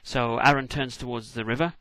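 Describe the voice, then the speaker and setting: A man's voice: medium pitch, fairly even intonation, fairly quick, fairly bright tone, dry recording. A man retelling a story comically, in a rambling, conversational way.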